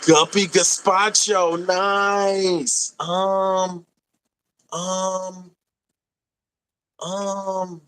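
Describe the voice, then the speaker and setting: Young male streamer, relaxed unhurried delivery, slightly high voice, amused and chatty. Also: clear, resonant tone. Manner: laid-back, laughing, drawn-out readings. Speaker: live stream host. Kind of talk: casual live stream chat reading comments.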